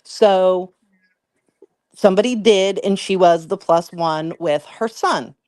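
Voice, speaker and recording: A woman's voice: fairly low pitch, takes it slowly, darkish tone, no room sound, studio quality. A woman co-hosting a commentary podcast, retelling an online drama in a chatty, profane way with lots of "like.". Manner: chatty, profane, heavy use of "like". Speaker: podcast co-host. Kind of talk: casual commentary storytelling.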